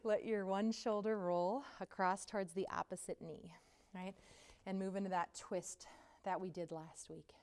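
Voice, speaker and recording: A woman's voice: medium pitch, fairly even intonation, moderate pace, a little mellow. A woman teaching a yoga class, giving casual, chatty movement cues while out of breath from the exercise. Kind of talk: guided yoga class instruction.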